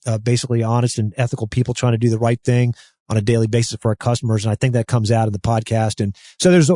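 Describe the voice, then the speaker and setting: A man's voice: medium pitch, mellow, no room sound, studio quality. A man co-hosting a real estate podcast, talking at length in a rambling, friendly chat with many restarts. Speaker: podcast co-host. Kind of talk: casual chat.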